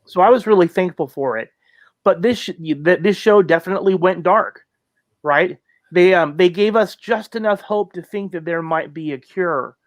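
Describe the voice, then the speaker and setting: A man's voice: sits high, moderate pace, no room sound, lo-fi sound. A man co-hosting a podcast in casual chat, recapping plot loosely with fillers and questions tagged on at the end. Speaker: podcast co-host.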